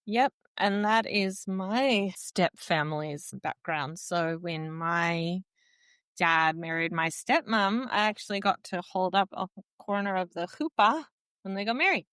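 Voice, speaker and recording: A woman's voice: fairly low pitch, a little slow, a bit bright, clean tone, no echo. A woman from the United States co-hosting a podcast in casual chat, playful and teasing, laughing a lot. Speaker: podcast co-host.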